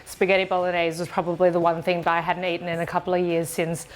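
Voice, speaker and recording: A woman's voice: fairly low pitch, flat delivery, quick pace, a little hiss or hum. Woman, home-kitchen cooking vlog co-host, plain explainer with fillers. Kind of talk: casual cooking chat.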